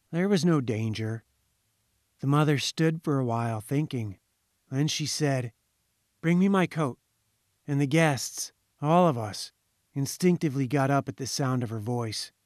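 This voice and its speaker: A man reading a haunting short story aloud in a measured, ominous storytelling manner. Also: medium pitch, darkish tone, no room sound, clean studio sound. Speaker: audiobook reader. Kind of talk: scripted narration.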